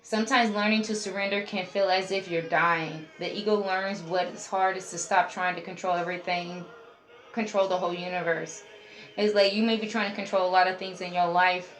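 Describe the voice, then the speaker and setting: A woman's voice: on the low side, fairly even intonation, normal speed. A woman giving a casual tarot reading, chatty and talking straight to her viewers as a group. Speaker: tarot reader. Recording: roomy echo, faint music behind.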